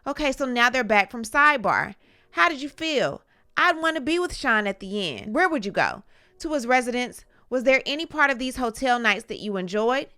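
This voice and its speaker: A woman hosting a commentary channel, briskly reading court testimony aloud with short reaction asides. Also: on the high side, very animated, bright, forceful tone, clear, resonant tone, no echo.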